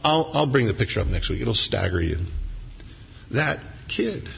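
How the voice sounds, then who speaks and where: Gravelly-voiced preacher in an echoing hall. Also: male voice, lowish voice, big pitch swings, fast, slight background noise. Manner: storytelling with humor, then earnest and reflective. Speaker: pastor. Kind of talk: sermon. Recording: dull lo-fi recording in a reverberant hall.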